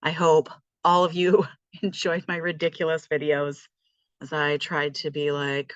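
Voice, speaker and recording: A woman's voice: low-pitched, flat delivery, unhurried, smooth, no echo, muffled recording. A woman in a casual, self-deprecating vlog, reading math definitions aloud and reflecting on teaching herself. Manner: chatty, self-deprecating, reads aloud from textbook. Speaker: self-taught math vlogger.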